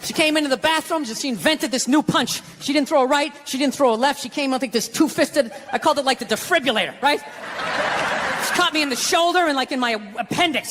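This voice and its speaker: A man's voice: very high-pitched, lively intonation, brisk, noisy background. A middle-aged male stand-up comedian telling a story in a profane, ranting, self-mocking way.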